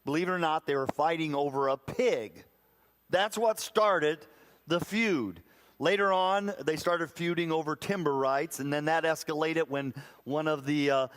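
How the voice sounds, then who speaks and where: Man, pastor, sermon, slightly high voice, conversational, self-deprecating, repeats and restarts words. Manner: conversational storytelling, quick to laugh at himself. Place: church sanctuary before a congregation.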